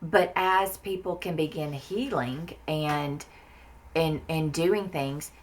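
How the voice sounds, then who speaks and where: A woman's voice: low-pitched, slow, a little hiss or hum. A woman from Mississippi with a Southern American accent, a guest talking candidly and bluntly, swearing for emphasis. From Mississippi, US Deep South. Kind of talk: candid conversation about inner child therapy.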